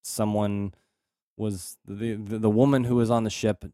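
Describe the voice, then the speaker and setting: A man's voice: fairly low pitch, level tone, measured pace, mellow, dry recording, clean studio sound. A man co-hosting a podcast, casually recapping a movie and acting out lines in jokey voices. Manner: laid-back, acts out lines in jokey put-on voices. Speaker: podcast co-host.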